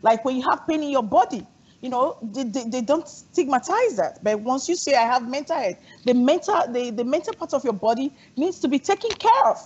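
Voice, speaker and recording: A woman's voice: sits high, lively intonation, fairly quick, darkish tone, slightly rough. A woman hosting a talk show, affirming and steering the conversation. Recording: dull lo-fi sound.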